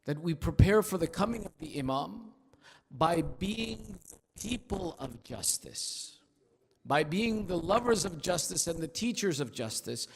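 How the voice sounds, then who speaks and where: A male preacher giving an emphatic, rhythmic sermon at an Islamic center, telling stories and dropping into hushed asides. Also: a little high, animated, unhurried, breathy edge. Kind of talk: sermon with storytelling. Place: large prayer hall of an Islamic center. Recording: long hall reverb.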